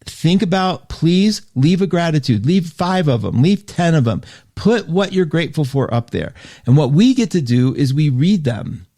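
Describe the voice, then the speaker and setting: A man hosts a live call-in style astrology hour, talking straight to his listeners. His delivery is chatty and animated, full of restarts and asides. His voice has a mellow, warm tone. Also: fairly high pitch, moderate pace. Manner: chatty, animated, self-interrupting; reads listener comments aloud. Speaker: host. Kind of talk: live radio show monologue.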